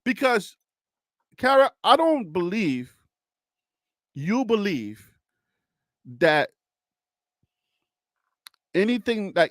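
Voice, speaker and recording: A man's voice: high-pitched, no room sound. A man hosting a casual political discussion, laughing often, talking straight to one person and walking through things step by step. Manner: addresses a caller or chatter directly. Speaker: host.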